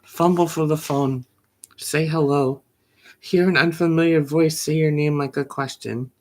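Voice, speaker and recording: A poet giving a slow, measured, often hushed reading of grief poems. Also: medium pitch, fairly even intonation. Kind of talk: poetry reading.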